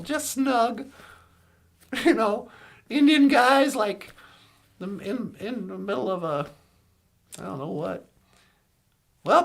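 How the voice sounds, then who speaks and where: A woman's voice: fairly high pitch, vocal fry, fairly bright tone. A woman telling a long joke story on a live stream in a rambling way, correcting herself as she goes.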